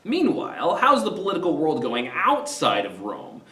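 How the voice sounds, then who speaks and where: Animated man summarizing a play. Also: a little high, normal speed. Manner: animated, retells scenes with voices. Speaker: literature discussion host. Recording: roomy echo, mic at a distance.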